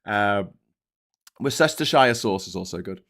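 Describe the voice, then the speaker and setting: A man's voice: on the low side, unhurried. A man hosting a live stream, talking in a casual, sweary, rambling way that keeps drifting off topic. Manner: sweary, rambling, easily sidetracked; excitable when thanking viewers. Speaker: livestream host.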